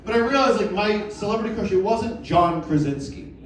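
A young man performs a stand-up set in a small club before a live audience, playful and self-mocking, throwing quick asides and banter to the crowd. His voice is high-pitched with lively intonation. The club sound is roomy, the mic is heard from a distance, and audience noise is audible.

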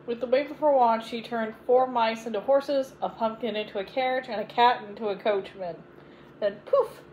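Woman bedtime-story reader, gentle clear delivery, higher pitch, faint background hiss. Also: steady tone, moderate pace, muffled recording.

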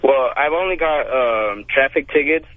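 A young man calling a radio show for career advice, polite and hesitant, with halting speech. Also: medium pitch, no echo. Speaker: caller. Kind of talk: phone-in call. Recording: tinny phone line, dry.

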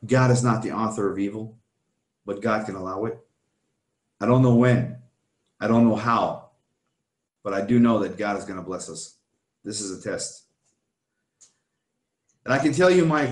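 A man's voice: lowish voice, normal speed, pauses often, echoey room. A man earnestly telling his personal testimony as an interview guest, often turning to the host by name.

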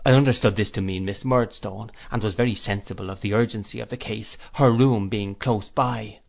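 A man's voice: fairly low pitch, steady tone, vocal fry. Man reading a classic novel aloud. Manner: measured, reflective storytelling. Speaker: audiobook reader. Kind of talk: audiobook narration.

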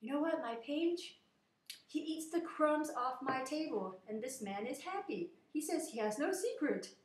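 A woman's voice: sits high, lively intonation, a little slow, far from the mic, pitched above the performer's own voice. A woman voicing a demanding rich fairy-tale king, speaking indignantly in an echoey room. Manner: indignant, exclaiming.

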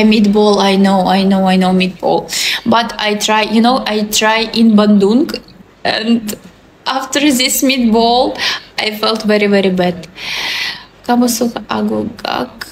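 A woman in her twenties, Belarusian-accented, speaks slowly in a mid-range voice with fairly even intonation. Chatting cheerfully in broken English on a livestream, she reads comments and repeats greetings and thanks. The recording is rough, with slight background noise.

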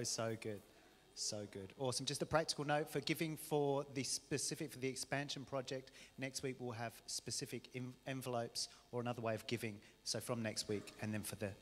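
A man's voice: medium pitch, fairly even intonation, moderate pace. A man hosting a live church service, exclaiming enthusiastically and giving announcements. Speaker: service host. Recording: long hall reverb with faint crowd.

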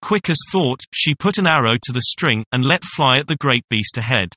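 A man narrating an old Greek legend in a steady storybook reading, speaking the quoted lines in his own voice. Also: medium pitch, moderate pace, dry recording. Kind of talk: scripted narration of a classic tale.

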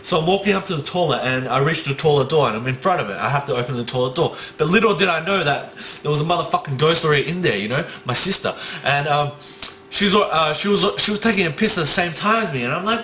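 A young man tells a comedy story, his high voice leaping wildly between calm asides and loud bursts of fake panic. He swears constantly. Recorded without a mic in an echoey room. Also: fast. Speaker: stand-up comedian. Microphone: no microphone.

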